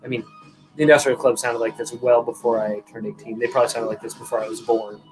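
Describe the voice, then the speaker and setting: A young man hosts a casual live stream, rambling to his viewers with plenty of swearing and self-deprecating asides. His voice sits at an ordinary middle pitch. Music plays clearly behind him. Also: flat delivery, quick pace, rough recording. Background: music playing.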